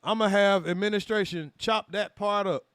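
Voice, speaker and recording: A man's voice: high-pitched, fairly even intonation, normal speed, fairly bright tone, smooth, no echo, clean studio sound. A man hosting a reaction channel, talking heatedly to his live chat with lots of swearing and rhetorical questions. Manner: heated, profane, rhetorical questions, calls out chatters. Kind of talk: commentary monologue to a live chat.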